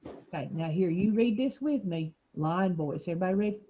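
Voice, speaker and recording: A woman's voice: lowish voice, animated, fairly quick, dull audio, a little hiss or hum. A woman teacher leading a small reading group over a video call, asking questions and explaining words patiently.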